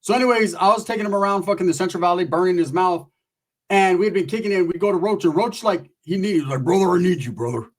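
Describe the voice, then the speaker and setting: A man's voice: high voice, fast. A man telling a rambling, crude comic story in a laid-back, profane way. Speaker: comedian.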